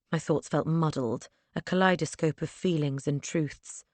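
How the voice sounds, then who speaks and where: A woman narrating a first-person audiobook in a measured, earnest storytelling manner on a close mic. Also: low-pitched, steady tone, a little mellow, no room sound.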